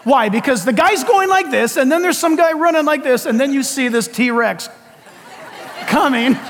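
A male pastor preaching a sermon in an animated way, acting out urgent calls and laughing with the crowd. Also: extremely high pitch, long reverb tail.

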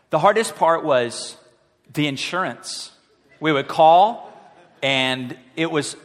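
Preaching with lots of animation, a man who serves as a high school pastor turns his sermon into a story and performs the voices of those he quotes. The audio carries a long, hall-like reverb.

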